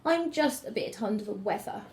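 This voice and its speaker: A woman voicing a clever, hungry male wolf in a fairy tale, soft and sweet-talking as he fakes an old lady. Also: medium pitch, animated, a little fast, natural voice. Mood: sly.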